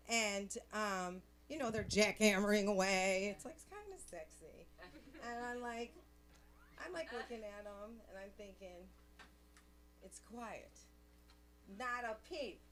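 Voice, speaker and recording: A woman's voice: mid-range voice, a bit bright, a little hiss or hum. A middle-aged woman doing a brash, bawdy stand-up set. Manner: brash, bawdy, slow deliberate delivery. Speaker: stand-up comic.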